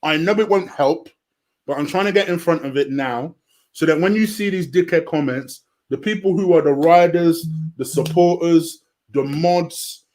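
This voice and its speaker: Laughing male host, slightly high voice. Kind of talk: casual chat.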